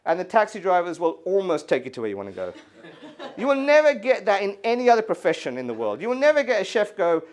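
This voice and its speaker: A man in his thirties from the UK doing an animated stand-up set in a gallery, acting out voices and screaming kids. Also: high-pitched, fast. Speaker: stand-up comedian. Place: art gallery before a live audience. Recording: live room with audience laughter.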